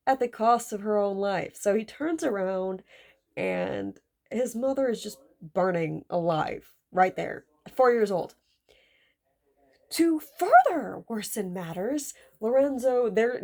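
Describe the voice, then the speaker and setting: A woman's voice: mid-range voice, animated, measured pace, vocal fry, darkish tone. A woman telling a character's backstory in a casual, rambling chat. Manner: rambling, lots of fillers and restarts. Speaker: video creator discussing a character.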